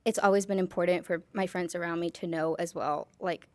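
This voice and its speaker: A woman's voice: fairly low pitch, fairly even intonation, a little fast, a little mellow, no echo. A young woman of college age, a podcast guest talking earnestly and casually, full of "like" and "you know". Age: young adult. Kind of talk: casual interview.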